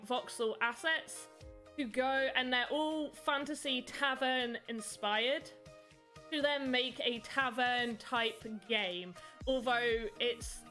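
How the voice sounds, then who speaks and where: A woman's voice: a little high, pushed and bright. A woman with a British accent chatting casually on a livestream. She rambles a little while answering her chat. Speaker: livestreamer making voxel art.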